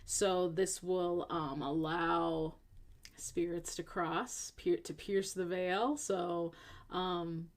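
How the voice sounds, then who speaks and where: Female podcast co-host, lowish voice, chatty explainer, casual. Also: fairly even intonation, very slow. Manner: chatty, explains with many fillers and tag questions. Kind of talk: casual chat. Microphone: earphones in.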